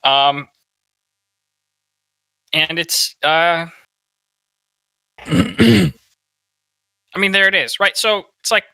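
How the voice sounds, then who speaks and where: Bright-voiced opinionated male podcast host. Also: fairly high pitch, extremely slow, gravelly, long pauses, clear, resonant tone, no room sound, poor audio. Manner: opinionated, peppers talk with "right?". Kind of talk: casual political commentary.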